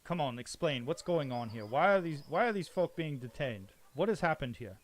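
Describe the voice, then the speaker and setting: A man's voice: mid-range voice, a little slow, natural voice. A man voicing a pompous, commanding noble patron in a tabletop game. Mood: indignant. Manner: commanding, indignant.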